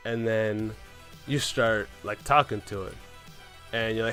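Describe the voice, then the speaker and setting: A man's voice: medium pitch, fairly even intonation, slow pace, pauses often, a bit bright, faint music behind. A man casually telling a story about a game run, rambling along and often tagging on "right?" and "man". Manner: rambling, keeps asking "right?" and saying "man".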